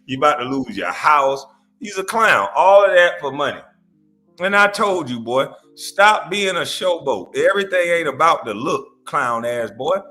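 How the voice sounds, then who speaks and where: A man's voice: a little high, animated, moderate pace, pushed and bright, faint music behind. A man hosting a reaction show, ranting bluntly and profanely, mocking his target. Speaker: host. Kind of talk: reaction commentary rant.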